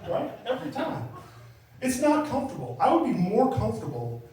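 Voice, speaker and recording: A man's voice: very high voice, wildly swooping pitch, brisk, a little mellow. A man doing a stand-up comedy set in a small club, chatty and teasing the crowd. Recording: echoey club from far off.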